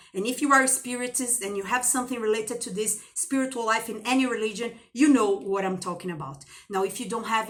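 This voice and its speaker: A woman's voice: medium pitch, fairly bright tone. A woman teacher giving an impassioned motivational monologue to her channel's viewers, piling up rhetorical questions and calling them darling and baby. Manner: addresses viewers with endearments.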